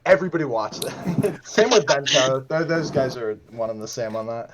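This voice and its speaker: A man's voice: mid-range voice, normal speed. Teasing man over chatter. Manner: teasing, laughing. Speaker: team player, guest. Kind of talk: casual chat over voice call.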